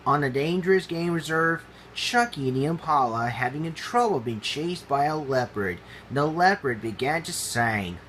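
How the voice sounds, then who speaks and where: A man reading his own animal storybook aloud, halting and ungrammatical. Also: medium pitch, expressive, fairly bright tone, a little hiss or hum, rough recording.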